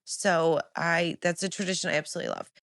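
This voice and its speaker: A woman's voice: on the low side, steady tone, fast, a bit bright, dry recording, studio quality. A woman in casual podcast chat, talking fondly about family memories. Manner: fond, reminiscing.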